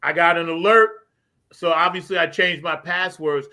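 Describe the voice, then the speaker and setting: Bright-voiced New York man hosting. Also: fairly high pitch, fairly even intonation, moderate pace. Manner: loose, swears freely, enthusiastic. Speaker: host. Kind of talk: casual chat.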